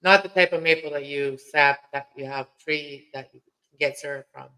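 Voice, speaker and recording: A man who grew up in Mexico, hosting a casual late-night stream chat, talkative and quick to laugh. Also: fairly high pitch, steady tone, pushed and bright, clear, resonant tone, low-quality recording. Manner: chatty, laughs easily, drifts between topics.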